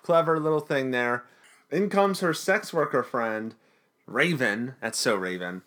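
A man's voice: mid-range voice, expressive, unhurried, fairly bright tone. A man co-hosting a podcast, casually recapping a TV episode in a jokey, rambling way. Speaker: podcast co-host.

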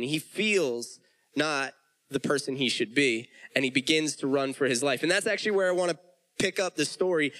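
A man's voice: on the high side, fairly bright tone, low-quality recording. A man preaching a sermon, retelling the story in casual everyday speech with frequent restarts.

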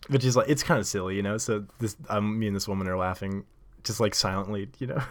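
A man's voice: on the low side, fairly even intonation, fast. A man hosting a podcast, telling a casual story in a rambling, filler-heavy way and laughing often. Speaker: podcast host.

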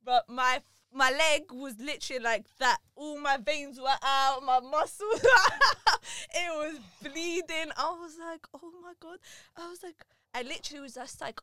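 A young woman, telling a story in a casual group chat, animated and full of slang. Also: high voice, normal speed, few pauses, dry recording, clean studio sound.

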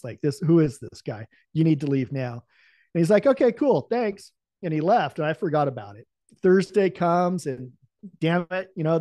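A man's voice: on the high side, no echo, studio quality. A man, a podcast guest, telling a personal story and acting out the dialogue with laughs. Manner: animated, acts out the dialogue of his story with lively laughs.

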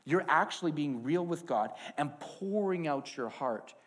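Man, preacher, sermon, object lesson, animated, hushed to loud. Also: on the high side, measured pace.

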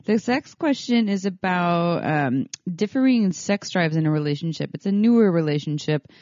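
A woman's voice: on the low side, lively intonation, moderate pace, a little mellow, no echo, dull audio. A woman co-hosting a podcast, talking casually with many fillers and restarts. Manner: chatty, lots of fillers and restarts. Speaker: podcast co-host.

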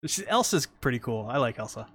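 A man's voice: medium pitch, very animated, a little fast, a bit bright, dry recording. Jokey rambling man on a podcast. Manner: jokey, rambling, reads out chat comments. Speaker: podcast co-host. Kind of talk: casual chat.

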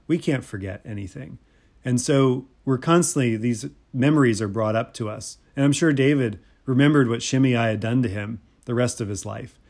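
A male pastor preaching a sermon in a relaxed, conversational manner. His voice sits at a middle pitch, and he often pauses on fillers and repeats phrases for emphasis.

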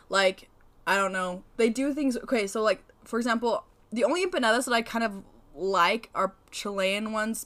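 A woman's voice: mid-range voice, sharp tone. A woman co-hosting a casual podcast, teasing and blunt, swearing casually as she chats. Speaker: podcast co-host. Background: dog whining.

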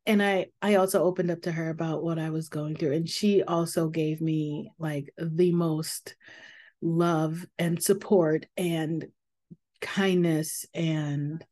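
Candid, reflective woman podcast host. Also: lowish voice. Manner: candid, reflective, with frequent fillers and soft laughs; calming voice for guided meditations. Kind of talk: casual personal podcast talk.

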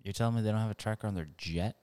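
A man co-hosting a casual comedy podcast, tossing in quick wisecracks and questions. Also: lowish voice, darkish tone, clean tone. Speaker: podcast co-host.

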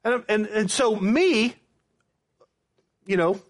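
A man's voice: high voice, slow pace. A man preaching a sermon, telling a personal story with quoted back-and-forth dialogue. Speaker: pastor.

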